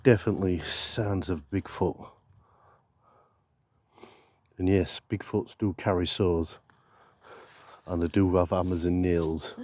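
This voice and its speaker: A man filming a mock-spooky comedy vlog outdoors in woodland, talking deadpan and pretending to be scared, with lots of swearing. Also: deep voice, measured pace, no room sound. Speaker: vlogger.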